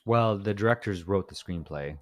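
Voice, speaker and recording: Deep-voiced guy on a podcast, quick dry comments, mostly listening. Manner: brief, dry interjections. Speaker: podcast co-host. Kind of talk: casual film review chat.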